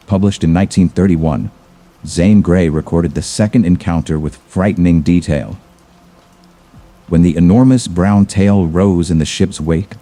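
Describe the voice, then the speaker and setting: A man narrating a scripted horror story in a measured, ominous manner. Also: sits low, mellow.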